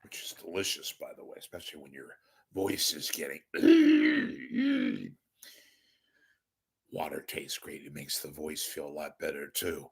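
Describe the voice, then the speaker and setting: Hoarse man, slow sarcastic rant. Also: very deep voice, wildly swooping pitch. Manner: sarcastic, ranting. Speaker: commentator. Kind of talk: ranting monologue.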